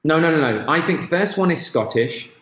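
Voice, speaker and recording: A man's voice: fairly high pitch, animated, moderate pace, a bit bright. Teasing man in an echoey room. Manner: teasing, laughing. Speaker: podcast co-host. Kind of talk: casual chat.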